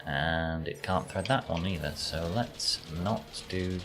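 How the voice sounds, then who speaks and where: A man with a mild Yorkshire accent and a low, deep voice talks through a game stream. He rambles loosely as he answers chat, then drops into quiet muttering about what he's doing in the game. A faint hum of noise sits underneath. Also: slow pace. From Yorkshire, England. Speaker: gaming streamer. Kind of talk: casual chat while playing a video game.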